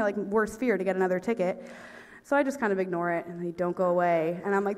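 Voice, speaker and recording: A young woman performing a stand-up story, talking in a breathless, excitable way and laughing at her own jokes. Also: medium pitch, quick pace. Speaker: stand-up comedian. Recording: reverberant hall.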